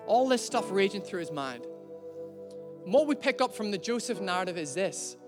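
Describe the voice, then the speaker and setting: A man preaching a sermon in a conversational, storytelling way, slowing down to stress key lines. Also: high voice, animated, music in the background.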